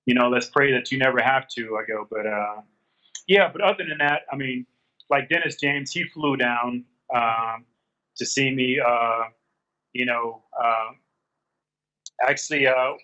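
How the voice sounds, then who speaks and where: A man's voice: medium pitch, pushed and bright, lo-fi sound. A man telling a personal story in a candid interview, earnest and repeating his phrases as he quotes past conversations. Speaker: guest.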